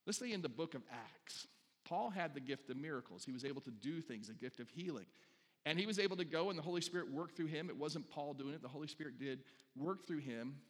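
A man's voice: a little high, a bit bright, breathy edge. Conversational male pastor in a reverberant hall. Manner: conversational, asks the congregation questions, acts out little voices. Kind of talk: sermon.

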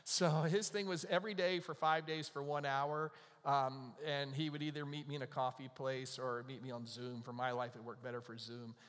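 A man preaching a sermon in a conversational way, with emphatic bursts that drop to soft, quiet lines. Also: mid-range voice, level tone, normal speed. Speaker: pastor. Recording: long hall reverb.

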